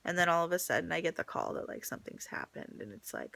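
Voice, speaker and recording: A woman's voice: lowish voice, huge pitch swings, fast, gravelly, bright, forceful tone. A young woman vlogging to her phone camera in a casual, chatty way, full of likes and ums, a little teary. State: pregnant, teary.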